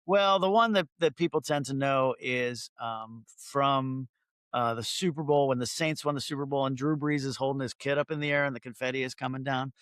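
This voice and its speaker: A man's voice: medium pitch, brisk, a bit bright, smooth, no echo. A middle-aged man, a photographer, telling stories in a casual interview, chatty and self-interrupting, acting out quoted dialogue.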